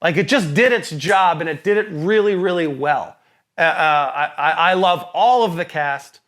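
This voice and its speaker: High-voiced, emphatic male film reviewer. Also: normal speed, a bit bright. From lives in Boston. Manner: emphatic, opinionated, laughs often. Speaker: podcast co-host. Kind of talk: casual movie review chat.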